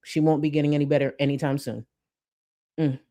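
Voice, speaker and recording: A woman with a low, mellow voice talking through streamer clips in sarcastic commentary. She is blunt and swears freely, and the mellow tone keeps the commentary low and even. The talk stays biting. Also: fairly quick. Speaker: commentary host. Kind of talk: reaction commentary.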